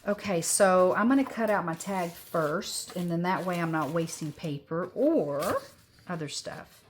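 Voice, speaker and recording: A woman's voice: fairly low pitch, animated, measured pace, slight background noise. A woman of sixty chatting casually as she crafts at home, rambling and upbeat. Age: 60s. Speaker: crafting vlogger.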